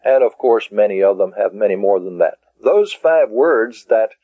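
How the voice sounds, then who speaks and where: A man teaching a taped language lesson, speaking deliberately and spelling words out syllable by syllable. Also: lowish voice, expressive, no room sound. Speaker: Greek teacher. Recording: dull lo-fi cassette tape.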